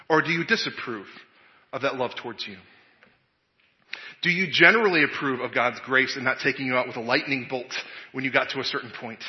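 A man preaching with an earnest, questioning delivery, quoting scripture to his listeners. His voice sits at an ordinary middle pitch. The recording is a bit dull and lo-fi. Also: a little fast. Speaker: pastor. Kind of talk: sermon.

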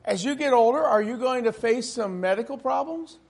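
A man's voice: very high voice, brisk, vocal fry, husky. A man preaching a sermon to a congregation in church, emphatic and full of rhetorical questions.

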